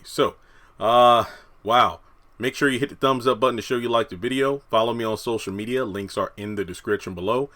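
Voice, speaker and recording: A man's voice: lowish voice, bright, forceful tone. A man giving casual, rambling commentary as a TV review YouTuber, slightly out of breath in a hot room with the fans switched off. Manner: rambling, conversational, many fillers.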